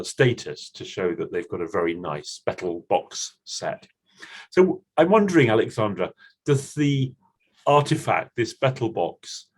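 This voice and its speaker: Low-voiced man explaining gently. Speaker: storyteller and host. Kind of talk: casual storytelling chat.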